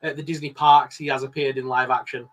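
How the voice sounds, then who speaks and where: A man co-hosting a casual live stream, talking excitedly and laughing often. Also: mid-range voice, fairly quick, over a noisy crowd. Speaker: co-host.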